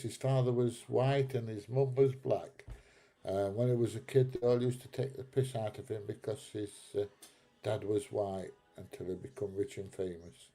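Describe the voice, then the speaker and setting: A middle-aged British man with a dark-toned, mid-range voice hosts a live stream in a British English accent. He goes casually through viewer comments, laughing often and calling people mate.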